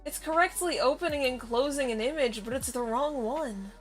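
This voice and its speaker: High-voiced baffled woman streamer. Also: moderate pace, faint music behind. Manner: baffled and rambling, breaking into laughter. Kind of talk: casual live-stream chatter.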